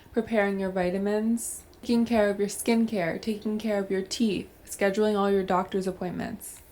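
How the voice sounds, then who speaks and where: A young adult woman talking straight to camera, giving brisk step-by-step coaching advice on self-help. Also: medium pitch, darkish tone. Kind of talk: direct-to-camera advice monologue.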